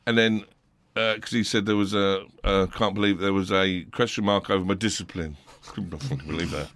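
A man in his fifties with a South London accent, telling rowdy stories with swearing and laughter, loud bursts when he acts out others. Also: sits low, fairly even intonation, normal speed. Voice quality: rough-edged, laughs through his stories. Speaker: guest, former footballer. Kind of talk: casual storytelling with swearing.

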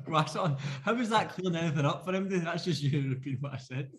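A Scottish man co-hosting a podcast, teasing his co-host in quick banter. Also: fairly high pitch, animated. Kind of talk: casual podcast chat.

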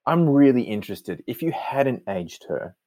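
A man's voice: mid-range voice, very animated, moderate pace, mellow, slight background noise. A man hosting a chat, teasing the others dryly and narrating scene directions. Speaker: host and narrator.

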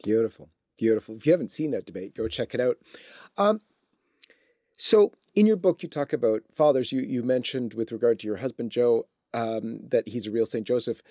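A man's voice: medium pitch, fairly quick, mellow, dry recording, studio quality. A man hosting an interview, asking questions and jumping in with playful remarks. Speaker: host. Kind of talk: casual interview chat.

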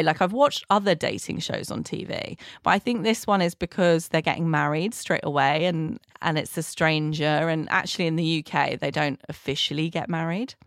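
A woman's voice: deep voice, no room sound, studio quality. A woman hosting a podcast, recapping past guests in a chatty, rambling way with asides. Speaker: podcast host.

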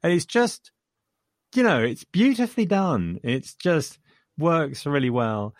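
A man's voice: on the high side, very animated, takes it slowly, no room sound, studio quality. A man chatting about a film, retelling scenes with enthusiasm and chuckles. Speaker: film reviewer. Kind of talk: casual film discussion.

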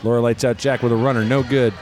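A man co-hosting and calling a basketball game courtside in a warm gym, teasing and mock-serious, speaking into a portable recorder. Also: medium pitch, flat delivery, fast talker. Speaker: co-host and courtside announcer. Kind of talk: joking play-by-play commentary.

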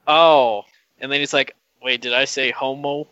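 A man co-hosting a podcast, recapping a film in a halting, hesitant way. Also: mid-range voice, little pitch movement, bright, forceful tone, no room sound, lo-fi sound. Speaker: podcast co-host. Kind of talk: casual film discussion.

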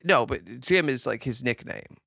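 A man's voice: mid-range voice, normal speed, vocal fry, sharp tone, dry recording, clean studio sound. A man co-hosting a casual podcast, laughing and joking back at his co-host. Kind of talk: casual chat.

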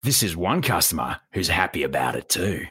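Gruff aussie beach rescue narrator voice, low and dramatic, guy hamming it up. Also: sing-song, a little fast, fairly bright tone, no room sound, exaggerated voice. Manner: deep, dramatic documentary narration.

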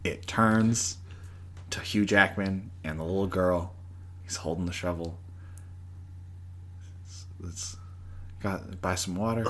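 A man co-hosting a casual podcast who tells stories excitedly and laughs often. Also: sits low, slight background noise. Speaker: podcast co-host. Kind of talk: casual chat.

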